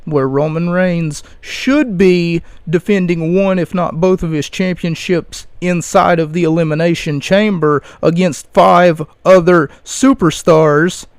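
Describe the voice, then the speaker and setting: Sarcastic gravelly man ranting on a podcast. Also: a little high, unhurried, few pauses, no echo. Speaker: podcast host.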